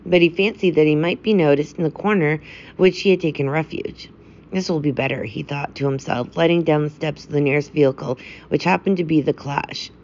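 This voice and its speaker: A woman calmly narrating a classic short story as host of a story podcast. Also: sits low, fairly quick, lo-fi sound, slight background noise. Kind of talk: scripted narration.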